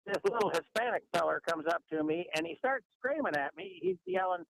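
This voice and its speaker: A Texan man calls in to a radio show and spins a rambling, folksy story. His voice sits high for a man and has a gravelly, creaky edge. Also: lively intonation, fairly quick, fairly bright tone, no echo, poor audio. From Texas. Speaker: radio caller. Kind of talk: call-in chat.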